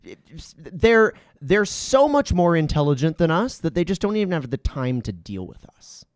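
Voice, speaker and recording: A man co-hosting a casual show, musing offhand in relaxed chat. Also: on the high side, moderate pace, no echo, studio quality.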